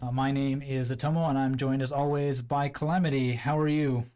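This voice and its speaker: A man's voice: mid-range voice, level tone, a little fast, warm tone, clear, resonant tone. A man hosting casual esports commentary, friendly and filler-heavy as he introduces the match. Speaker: host commentator.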